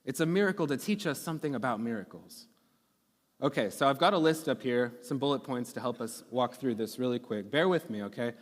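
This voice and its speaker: A man's voice: mid-range voice, expressive, fairly quick, big-room sound. A man preaching a sermon in a conversational, teaching way, often checking in with the congregation. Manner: conversational teaching with frequent okay and right checks. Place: church sanctuary.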